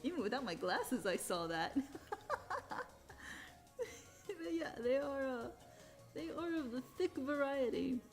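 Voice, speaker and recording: A woman's voice: high-pitched, slow pace, long pauses, faint music behind. A woman livestreamer chatting casually with her viewers, laughing often between sentences and telling stories animatedly. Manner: animated storyteller. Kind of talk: casual live-stream chat.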